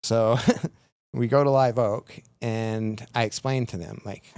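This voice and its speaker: A man's voice: medium pitch, fairly even intonation, takes it slowly, a little mellow, smooth, dry recording. A man on a podcast, casually telling a long story full of "like" fillers. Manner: rambling, filler-heavy retelling with lots of "like". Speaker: podcast guest.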